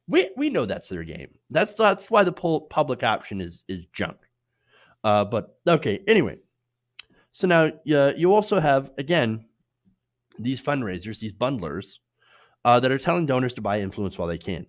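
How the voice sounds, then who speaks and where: A man delivering opinionated political commentary with a biting, sarcastic edge. He talks loosely, with fillers and restarts, and his pitch swings widely, jumping up high whenever he mocks someone. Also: very animated, normal speed. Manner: sarcastic, mocking put-on voices for quotes.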